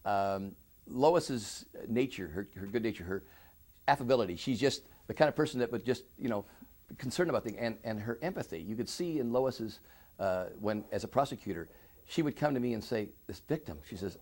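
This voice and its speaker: A middle-aged man giving an oral history interview, speaking earnestly with many halting restarts. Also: fairly low pitch, lively intonation, darkish tone. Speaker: interviewee, victim services director.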